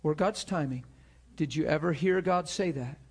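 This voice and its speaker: A man preaching with fervor, his voice sitting a little high for a man. He acts out scripture scenes in voices and laughs often, sometimes close to tears. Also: normal speed, darkish tone. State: near tears at times. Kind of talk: sermon.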